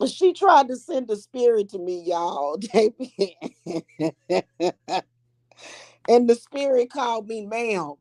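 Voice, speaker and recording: Witch lady ranting on her vlog, cussing and laughing, slow drawl. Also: a little high, sing-song, a little mellow. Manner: profane, laughing often, blunt. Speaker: witch and spiritual teacher. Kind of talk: casual vlog rant.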